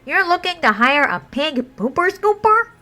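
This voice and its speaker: A woman's voice: high-pitched, very animated, unhurried, bright, forceful tone, faint music behind, pitched above the performer's own voice, full character voice. A woman voicing a tall, thin man with a nasal voice who is polite but picky.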